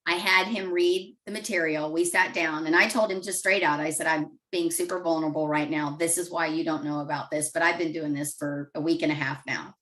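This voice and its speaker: A woman's voice: low-pitched, steady tone, fairly quick, few pauses, fairly bright tone, distant mic, poor audio. A middle-aged woman telling an open, heartfelt personal story as a guest. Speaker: guest client.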